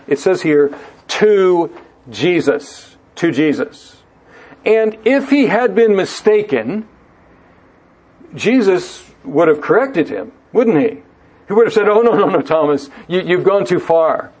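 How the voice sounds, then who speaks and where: A man's voice: on the high side, a little mellow. A man teaching through a Bible passage in a sermon, drawing out key words and often rephrasing himself mid-thought. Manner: deliberate, stretching key words for emphasis. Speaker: preacher.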